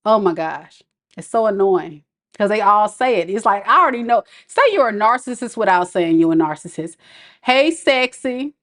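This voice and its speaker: A woman's voice: medium pitch, lively intonation, a little fast, a bit bright. A woman giving a casual tarot reading to her viewers. She talks to them directly in a chatty, playful way and often laughs at her own jokes. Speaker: tarot reader.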